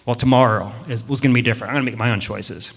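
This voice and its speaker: A man's voice: medium pitch, rapid-fire, breathy edge. A man voicing a weary male apple farmer who mutters and grumbles to himself. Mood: resolved. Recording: long hall reverb.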